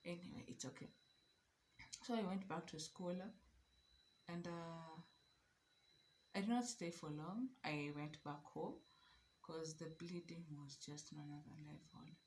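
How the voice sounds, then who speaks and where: Animated Kenyan woman vlogger. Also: deep voice, unhurried, pauses often, slight background noise. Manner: animated, emphatic, mixes in Swahili phrases. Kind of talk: casual storytelling to camera.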